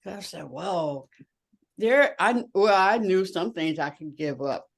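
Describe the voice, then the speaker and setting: A woman co-hosting a group talk, reflecting aloud in a halting way and searching for her words. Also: on the low side, expressive, breathy edge. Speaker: co-host.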